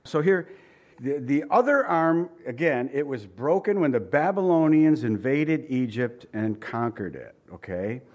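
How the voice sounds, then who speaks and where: A man preaching a sermon in a relaxed, conversational way. He keeps asking his listeners rhetorical questions. When he reads scripture aloud, he slows down and leans on the words. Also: mid-range voice, highs cut off. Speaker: pastor.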